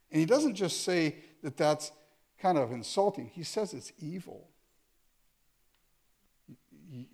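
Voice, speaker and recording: A man preaching a sermon, reading scripture aloud and explaining it with pointed, sarcastic asides. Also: fairly high pitch.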